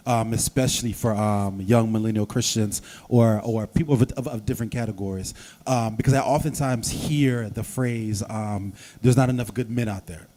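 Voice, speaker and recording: A man's voice: lowish voice, steady tone, normal speed, mellow. A man moderating a church panel discussion, affirming answers with repeated short phrases and prompting others to speak.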